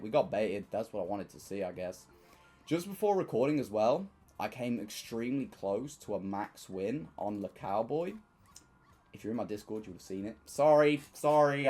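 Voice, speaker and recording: Young male streamer, chatty and excitable, big swings in pitch, light music underneath. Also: husky. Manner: excitable, bursts into shouting at wins. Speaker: online slots streamer. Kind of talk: casual gambling commentary.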